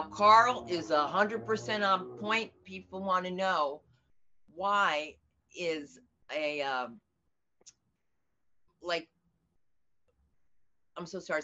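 A middle-aged American woman comedian and teacher, telling stories in an animated, outspoken way during an interview. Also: sits low. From United States. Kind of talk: conversational interview over video. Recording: dull lo-fi audio.

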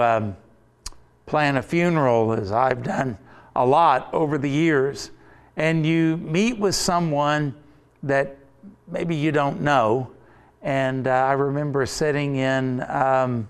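A man preaching a sermon as pastor, deliberate and emphatic, building points through repetition. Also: a little high, clear, resonant tone.

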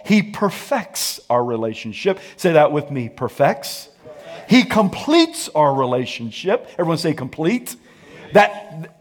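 A high-pitched man preaching a sermon. He calls on the congregation to repeat his words back to him. He drops to a hush, then rises to shouting. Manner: preaching with call-and-response, swinging from hushed to shouting; sings and hums snatches of a song. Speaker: pastor.

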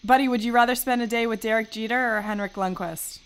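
Woman interviewer, smooth clear voice, upbeat, quick questions. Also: on the high side, steady tone.

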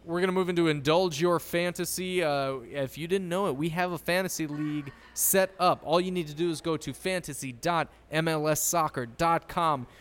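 Smooth-voiced jokey podcast host man. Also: a little high. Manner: sarcastic, jokey, deadpan insults. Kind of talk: casual sports podcast banter.

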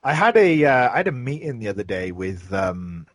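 A man's voice: mid-range voice, big pitch swings, moderate pace, dry recording. A man, chatting casually and telling rambling stories with plenty of swearing. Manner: swears a lot, rambling storyteller. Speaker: podcast host. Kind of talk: casual chat.

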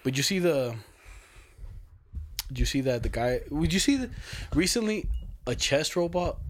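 A man's voice: a little high, very animated, moderate pace, slight background noise. A young man chatting casually, telling loose stories full of slang and laughing often. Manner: laid-back storytelling, heavy slang, laughs often. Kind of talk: casual chat.

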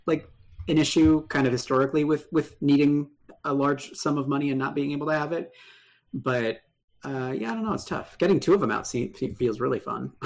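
A man's voice: medium pitch, creaky. An easygoing man co-hosting a casual podcast chat about a card game. He sounds upbeat and agreeable, tossing in ideas as the talk goes. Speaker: podcast co-host.

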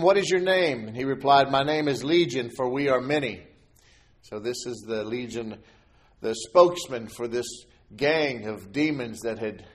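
A man preaching a sermon as a pastor, reading scripture aloud and slowing down to stress key words. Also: mid-range voice.

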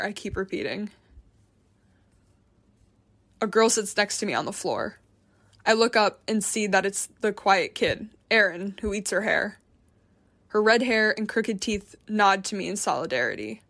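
A woman's voice: mid-range voice, expressive, normal speed, a bit bright. A woman reads a first-person memoir audiobook. Her delivery is tense and introspective, with frustration close to the surface. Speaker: narrator.

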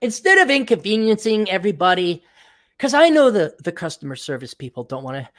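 Profane, animated male podcast host. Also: sits high, a little fast. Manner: profane, exasperated, sarcastic. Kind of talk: ranting monologue.

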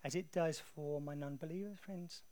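Preaching a sermon to his congregation, an English man speaks in a fairly high voice, a little above the usual male range, at a moderate pace. He talks with easy conversational flow and tells his stories with lively animation.

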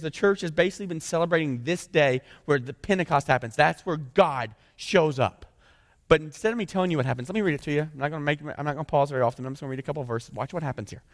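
A man preaching a sermon, reading scripture aloud and breaking into lively conversational asides. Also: on the high side, long reverb tail. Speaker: pastor.

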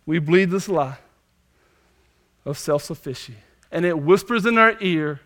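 A man's voice: fairly high pitch, expressive, normal speed, pauses often, a bit bright. A young male pastor, preaching a sermon with emphatic, repeated phrases. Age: young adult.

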